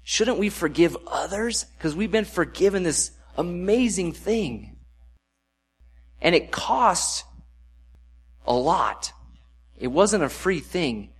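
A man's voice: high-pitched, lively intonation, takes it slowly, long pauses, husky. A man giving a casual sermon, reading a Bible passage and then adding conversational asides. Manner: conversational, reads scripture then adds off-hand asides. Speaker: preacher.

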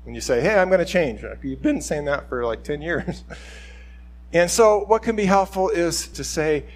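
A man's voice: on the high side, animated, moderate pace. A middle-aged man, a pastor, giving an informal, conversational sermon and acting out quoted speech along the way.

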